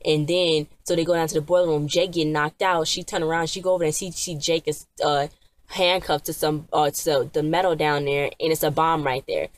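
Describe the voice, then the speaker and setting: Low-voiced woman rambling through a recap. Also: brisk. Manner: rambling retelling with many fillers and restarts; animated, acts out characters' lines. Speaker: TV episode reviewer. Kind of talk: casual episode recap.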